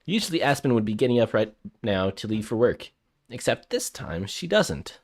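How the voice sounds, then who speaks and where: In a lowish, sing-song voice at normal speed, a man streams a story game live. He reads the narration aloud and chats with viewers, growing flustered and repeating himself.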